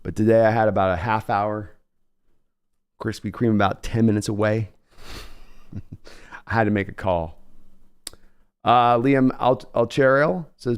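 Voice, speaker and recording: A man's voice: fairly low pitch, steady tone, unhurried, long pauses, clear, resonant tone. A man hosting a live draft reaction stream, breaking down prospects analytically in a casual way and reading out viewer comments. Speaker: host.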